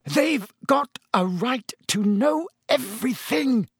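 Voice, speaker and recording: Man reading a pleading middle-aged wizard, pitched high and pushed loud, slow and urgent. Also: expressive, no room sound, studio quality.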